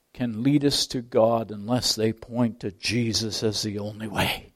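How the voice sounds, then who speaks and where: A man preaching a sermon with slow, deliberate phrasing, dropping to near whispers and then rising to loud emphasis on key words. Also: lowish voice, steady tone.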